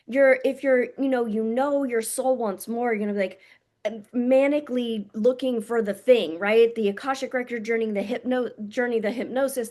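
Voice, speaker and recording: A woman with a fairly high voice speaks straight to camera as a spiritual coach. She talks in a frank, blunt way, swears freely, and addresses her listeners intimately as "my loves". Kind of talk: casual monologue to camera.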